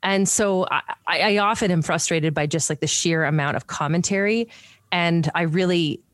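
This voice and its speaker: A middle-aged woman from Canada speaks as an interview guest in a notably low voice. She is candid and animated, often restarting her sentences. The sound is close and dry, with no room around it. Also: moderate pace, no room sound. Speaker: guest, podcast host and PR professional. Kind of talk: conversational interview.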